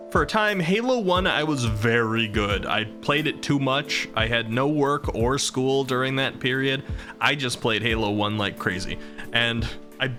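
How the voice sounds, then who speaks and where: A man's voice: medium pitch, pushed and bright. A man in his thirties chatting casually on a live stream, rambling and chuckling between thoughts.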